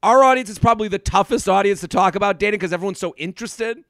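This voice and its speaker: High-voiced gravelly man telling stories. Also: rapid-fire, no echo, clean studio sound. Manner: animated storyteller, acts out quotes. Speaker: podcast co-host, comedian. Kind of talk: casual chat.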